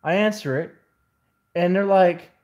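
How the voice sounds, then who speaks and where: A man's voice: sits high, unhurried, darkish tone, muffled recording. A man venting in a casual vlog, telling a rambling story in an exasperated way. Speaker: vlogger.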